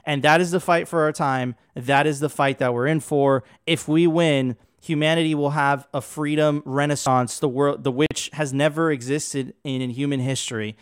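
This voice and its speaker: A man with a slightly raised pitch delivers emphatic, rallying commentary as a podcast host. The sound is dry and close, with no room echo. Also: steady tone, moderate pace, hardly any pauses, clean tone. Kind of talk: impassioned commentary.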